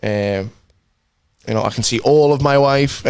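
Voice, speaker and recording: A man's voice: medium pitch, heavy background noise. A man co-hosting a podcast in casual chat, crude and joking, laughing often. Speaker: podcast co-host.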